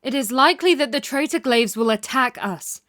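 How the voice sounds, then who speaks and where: A woman's voice: high voice, expressive, normal speed, a bit bright, no echo, clean studio sound. A woman acting a grieving, defiant young royal in a fan audio drama, speaking in solemn declarations. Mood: commanding.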